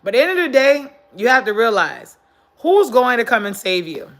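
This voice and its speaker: On the high side and sing-song at a moderate pace, a woman hosts an informal motivational livestream from her phone, seated on the floor. Earnestly preachy, she keeps repeating her points to stress them.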